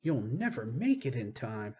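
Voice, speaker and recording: A man's voice: medium pitch, sing-song, unhurried, a little mellow. A male audiobook narrator voices a blustery grown man who snaps and barks, his voice lifted well above the narration. The recording is slightly dull with a faint hiss underneath. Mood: awed. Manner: barking, sarcastic.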